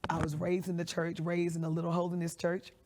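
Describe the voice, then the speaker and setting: A woman pastor telling her story in an interview, measured and reflective. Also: on the low side, completely flat delivery, background noise. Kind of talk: interview answers.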